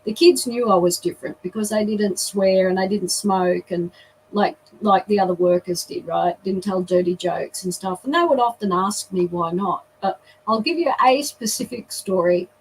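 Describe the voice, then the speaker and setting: A woman, a guest telling a lively story in an interview. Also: mid-range voice, moderate pace, recorded from a distance, slight background noise, rough recording.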